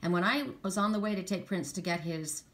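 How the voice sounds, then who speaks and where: A woman's voice: lowish voice, a little fast. A woman doing a casual spiritual tarot reading, chatty and emotional, at times close to tears. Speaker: tarot reader.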